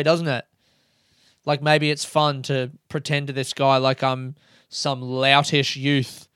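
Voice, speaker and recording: A man's voice: a little high, a bit bright, clean tone, no room sound, studio quality. A young Australian man telling a rambling, self-mocking comic story with casual swearing.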